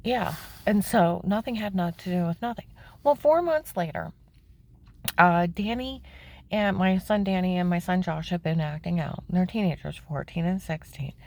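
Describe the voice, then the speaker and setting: A woman telling the story of her own life in plain words, emphatic and indignant, her voice climbing high when she is upset. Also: normal speed, gravelly, darkish tone. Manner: plain-spoken, with frequent "okay?" asides. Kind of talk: personal testimony, candid storytelling.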